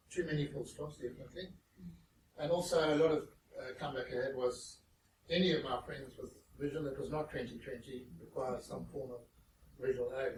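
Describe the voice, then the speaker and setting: A man giving a humorous storytelling talk as a guest speaker, animated and lively. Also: mid-range voice. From South Africa. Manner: animated, acts out other people's voices in his anecdotes. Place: meeting venue with an audience. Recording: roomy echo, distant mic, noisy background.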